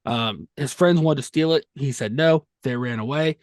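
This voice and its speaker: A man co-hosting a podcast, telling the plot of a movie in a lively, joking way. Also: medium pitch, normal speed, dry recording, clean studio sound. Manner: animated storyteller, recaps plots with vivid jokes. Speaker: podcast co-host. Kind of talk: casual movie-review chat.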